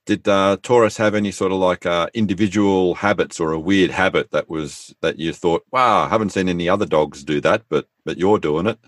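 A man's voice: sits low, brisk, few pauses, no room sound, clean studio sound. A man hosting a podcast, asking questions and giving short encouraging replies. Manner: relaxed, brief encouraging replies. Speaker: podcast host. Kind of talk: interview questions.

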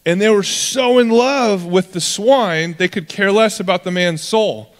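In a large hall, a high-pitched male pastor preaches at a measured pace. He tells stories in a relaxed, conversational way, often acting out the voices of the people in them.

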